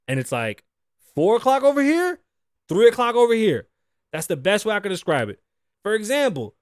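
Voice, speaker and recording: A man's voice: high voice, no room sound, clean studio sound. A man in his thirties hosting a solo podcast, rambling through the news in a profane, joking way. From Puerto Rican background. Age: 30s. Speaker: podcast host. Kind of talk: solo casual podcast rant.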